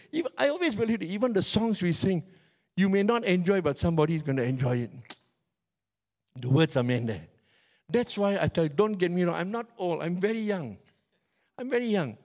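A middle-aged male pastor preaching a sermon in a lively, conversational way, with humor and spoken sound effects. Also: a little high.

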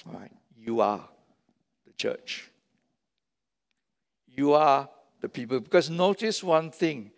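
A man delivering a sermon at an unhurried, deliberate pace, with a gravelly edge in his voice. He drives his points home by repeating key phrases. The sound carries a long reverb, as if from a large church hall. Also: mid-range voice. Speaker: pastor.

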